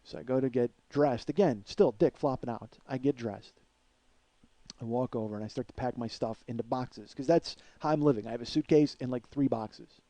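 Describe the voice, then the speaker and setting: A man's voice: medium pitch, normal speed, dark tone, no echo. A man in his forties hosting a comedy podcast, telling a story with plenty of swearing and "uh"s. His voice sits in an ordinary middle register. It's recorded close and dry, with no room sound at all. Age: 40s. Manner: profane, rambling, with filler words.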